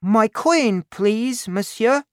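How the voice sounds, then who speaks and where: A storybook reader voicing a ten-year-old boy in a raised, high, insistent voice. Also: lively intonation, drawn-out words, a little mellow, clear, resonant tone, no echo, studio quality. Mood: pleading. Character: small ten-year-old boy, pleading then crying out.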